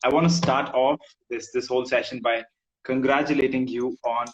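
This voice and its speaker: A male host interviewing a rapper over a video call, laid-back, with halting restarts and frequent agreeing backchannels. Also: mid-range voice, steady tone, highs cut off, slight background noise.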